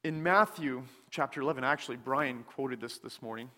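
A man preaching a sermon in a church, speaking slowly and deliberately with many pauses, often dropping to a soft, hushed tone. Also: mid-range voice, big-room sound. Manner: slow, deliberate delivery with frequent pauses, dropping softer on scripture. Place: church sanctuary.

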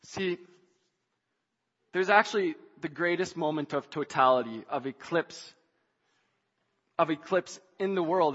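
A man preaching a sermon who moves from hushed scripture reading to shouted emphasis. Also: a little high, unhurried, pauses often. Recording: dull sound, long hall reverb, faint music.

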